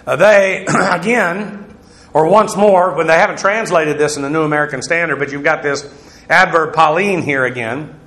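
Bright-voiced man teaching a Bible lesson. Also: fairly high pitch, moderate pace, roomy sound, rough recording. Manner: lecturing, frequent "uh" fillers, stops to repeat and rephrase. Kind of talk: verse-by-verse Greek Bible lesson.

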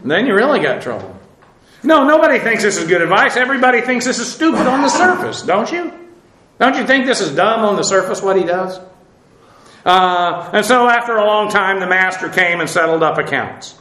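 A man's voice: high voice, lively intonation, fairly quick, pushed and bright, roomy sound, rough recording. A man preaching a sermon in a conversational way, often asking his listeners questions. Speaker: pastor.

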